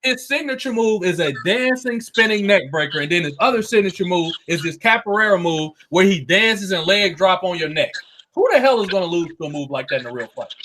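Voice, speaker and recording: A man's voice: high-pitched, animated, fairly quick, fairly bright tone, slight background noise. A man hosting a casual wrestling talk show, speaking bluntly and swearing freely. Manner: blunt and profane. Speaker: podcast host.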